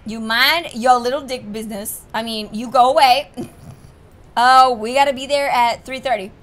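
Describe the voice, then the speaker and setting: A young woman hosts a let's play video, reading the game's lines aloud and dropping jokey, casually profane asides in between. Her voice is fairly high and a bit bright, with fairly even intonation and normal speed.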